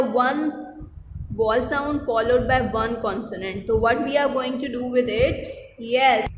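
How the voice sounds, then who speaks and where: A woman explains spelling rules in a recorded online lesson. She repeats herself patiently and mixes in Hindi-Urdu. Her fairly high voice rings in a roomy, reverberant space with a faint hum underneath. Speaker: online English teacher. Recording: echoey room with hum.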